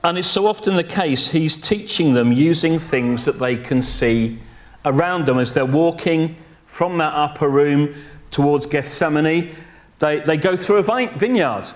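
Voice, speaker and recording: A man preaching a sermon in a slow, deliberate way, pausing to correct himself and adding a light joke now and then. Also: on the high side.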